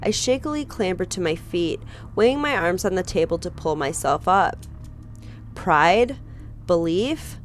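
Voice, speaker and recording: A woman streamer reading a visual novel aloud with dramatic, expressive narration, breaking in with her own reactions. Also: fairly low pitch, measured pace, soft background music. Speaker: game streamer.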